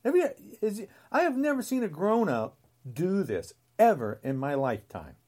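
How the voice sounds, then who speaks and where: A woman's voice: mid-range voice, big pitch swings, moderate pace, mellow. A woman in her sixties hosting her own podcast, ranting in a mocking, scornful way. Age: 60s. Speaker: podcast host. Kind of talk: ranting solo podcast monologue.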